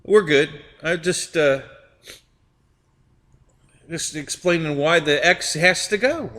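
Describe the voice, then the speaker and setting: A man's voice: fairly high pitch, slow, long pauses, fairly bright tone, in a large hall. A man hosting a live stream, chatting casually with viewers, rambling and repeating his words and laughing often.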